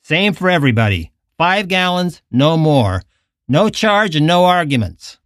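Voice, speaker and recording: A man's voice: medium pitch, normal speed, no room sound, natural voice. Man voicing a tired gas attendant, blunt, matter-of-fact, dry sound. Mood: harsh.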